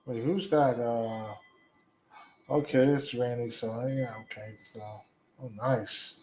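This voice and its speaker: A man's voice: medium pitch, fairly even intonation, takes it slowly, warm tone, a little hiss or hum. A man hosting a casual livestream, reacting to a video as he chats. He rambles, repeats himself and stalls with "hold on". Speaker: livestream host. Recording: roomy echo.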